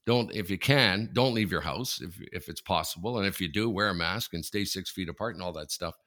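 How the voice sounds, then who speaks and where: A man's voice: low voice, a little fast. A man from Canada co-hosting a casual chat show, telling anecdotes with lots of laughter. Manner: animated storyteller, laughs through anecdotes. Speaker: podcast co-host.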